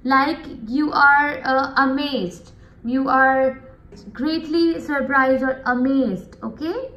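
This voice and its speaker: A woman's voice: high voice, reverberant, highs cut off. A woman teacher going through a vocabulary lesson, often checking in with her students. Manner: slow and drawn out, often checking in with "okay, students?". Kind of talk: recorded classroom lesson.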